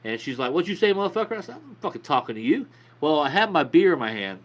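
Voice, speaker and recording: A man's voice: medium pitch, big pitch swings, fast talker. A man telling a rambling, profane bar story in casual podcast chat. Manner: profane, rambling anecdote with acted quotes.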